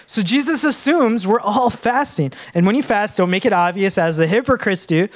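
A man preaching a sermon as a pastor in church, joking often and calling on the congregation to respond. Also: high-pitched.

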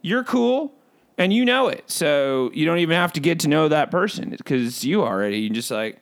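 A man's voice: fairly high pitch, expressive, normal speed, clean tone. A man voicing a bored, hyper male bird who hosts a podcast, rambling in goofy self-talking asides. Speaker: podcast host. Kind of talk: comedic character podcast. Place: home recording booth.

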